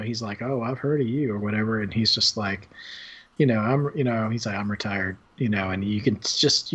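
A man's voice: on the low side, a bit bright, breathy edge. A man co-hosting a podcast, chatting casually about a film in a rambling way with many fillers and restarts. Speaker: podcast co-host. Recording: dull lo-fi sound.

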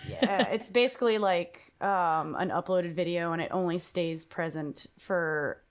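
A woman's voice: lowish voice, a little slow. A woman hosting a live stream as a musician, chatting casually, reading out viewer questions and laughing often.

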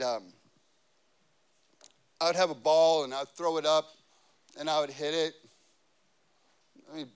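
A man's voice: on the high side, fairly bright tone, clear, resonant tone. A man preaching a sermon, telling personal stories and rising to fervent, passionate delivery. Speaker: pastor. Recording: music playing behind. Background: worship band instruments.

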